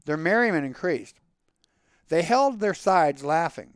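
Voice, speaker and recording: A man reads a story aloud in an expressive, animated manner. His voice sits high, with a smooth and resonant tone. The sound is dry and close, with no room echo. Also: a little slow. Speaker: story reader.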